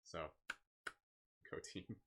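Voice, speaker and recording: A man leading a live guided meditation, speaking slowly and soothingly with gentle encouragement. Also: slight background noise. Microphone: live stream microphone.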